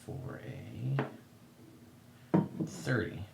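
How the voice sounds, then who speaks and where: A man playing a tabletop game, relaxed and matter-of-fact. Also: mid-range voice, very slow, gravelly, roomy sound, distant mic, noisy background. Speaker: player. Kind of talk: casual tabletop play.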